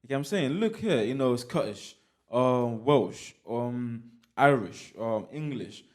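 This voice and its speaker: Animated man chatting as podcast host. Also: medium pitch, unhurried. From Nigeria (Igbo heritage). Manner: animated, explains by examples, repeats "you get what I'm saying". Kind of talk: casual conversation.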